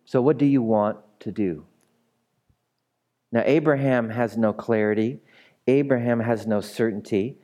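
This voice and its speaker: A male pastor delivering a sermon at an unhurried pace, his voice mellow and warm rather than bright. He keeps it conversational with playful asides, then builds emphasis through repetition. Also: medium pitch.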